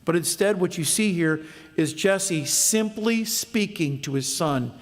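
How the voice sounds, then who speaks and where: A man's voice: sits high, lively intonation, measured pace. A middle-aged man with a Southern US accent, preaching a sermon as pastor, earnest and storytelling, with asides and restarts. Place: church sanctuary. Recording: long church reverb.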